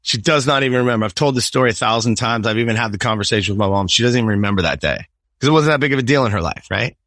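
A man's voice: medium pitch, lively intonation, racing, fairly bright tone, no room sound, clean studio sound. A man in his fifties from California, telling a personal story as a podcast guest in an emphatic, profane way and often checking in with "right?". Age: 50s.

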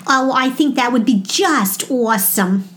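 A woman's voice: a little high, a little slow, a bit bright. Chatty woman with a Brooklyn accent. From New York. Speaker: podcast guest, marketing educator. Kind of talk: casual interview chat.

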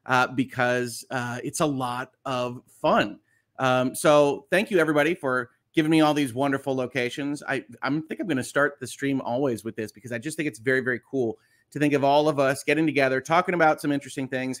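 A man's voice: mid-range voice, fairly bright tone. Upbeat chatty man hosting. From United States. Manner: upbeat, chatty, frequent "uh" fillers. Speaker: host. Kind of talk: casual morning live stream.

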